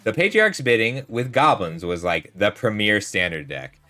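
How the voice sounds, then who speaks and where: Thirties male streamer, bright tone, chatty and rambling, faint music behind. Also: on the low side, very animated, normal speed. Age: 30s. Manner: rambling, chatty, talks to chat while playing. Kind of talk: casual gameplay commentary with storytelling.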